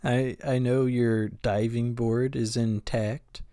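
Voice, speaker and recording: A young man co-hosting a podcast in relaxed chat, easygoing and a little hesitant, chuckling often. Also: mid-range voice, takes it slowly, no room sound, clean studio sound. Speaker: podcast co-host. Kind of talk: casual chat.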